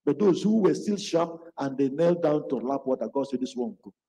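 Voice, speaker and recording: A man preaches in a storytelling manner, acting out the voices of the people in his story. His voice sits a little high and sounds mellow. It rings out in a hall with a long reverb. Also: animated, moderate pace. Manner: acts out quoted speech in his stories. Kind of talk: storytelling sermon.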